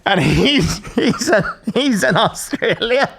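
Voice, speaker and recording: A young man, chatting and telling sweary, animated stories as a podcast co-host. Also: high voice, slow pace, gravelly, breathy edge. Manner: animated, sweary, acts out voices. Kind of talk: casual storytelling chat.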